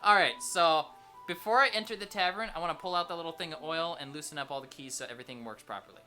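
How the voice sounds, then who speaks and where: A player in a tabletop game over voice chat, playful and quick to laugh while coaching others. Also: medium pitch, bright, forceful tone, soft background music.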